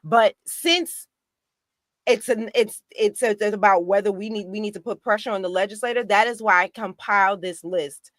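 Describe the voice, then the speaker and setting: A woman talking in a casual political discussion, animated and indignant, with many restarts. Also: mid-range voice, moderate pace, no room sound, clean studio sound. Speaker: guest activist.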